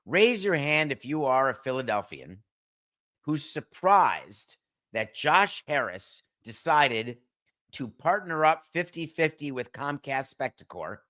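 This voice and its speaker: A man's voice: mid-range voice, sing-song, slow pace, bright, forceful tone. A middle-aged man hosting his own podcast, giving blunt, sarcastic opinions in a solo commentary and joking at his producer. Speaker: podcast host.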